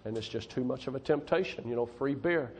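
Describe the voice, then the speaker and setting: Speaking a little fast, a man with a medium-pitched, darkish, slightly rough voice delivers a testimony sermon to a church congregation as a missionary. He's folksy and emphatic, repeating himself for stress and saying "I'm telling you" again and again.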